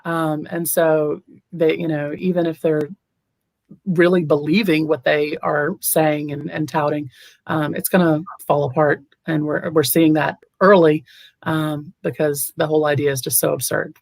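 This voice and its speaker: A woman running for office, answering interview questions in an earnest way, often pausing on ums and restarting her sentences. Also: low voice, flat delivery, vocal fry, no echo. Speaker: political candidate guest.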